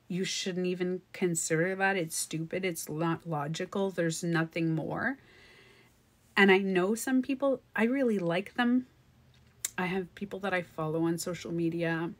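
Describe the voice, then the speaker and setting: A woman hosting a casual livestream, talking in a chatty, animated way, often laughing and acting out what others said. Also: mid-range voice. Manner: chatty and animated, breaking into laughter and acted-out quotes. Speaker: livestream host.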